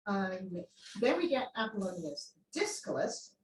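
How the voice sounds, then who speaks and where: A woman's voice: medium pitch, sing-song, unhurried, a little mellow. A woman giving an academic seminar lecture, explaining as she goes with frequent ums and answering questions from the room. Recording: echoey room, voice a bit distant.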